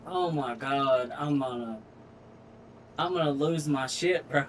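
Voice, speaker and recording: Slow-talking, cursing male game streamer. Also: medium pitch, a little hiss or hum. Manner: frustrated, swears a lot, slow drawl. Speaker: gaming streamer. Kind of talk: casual gameplay commentary.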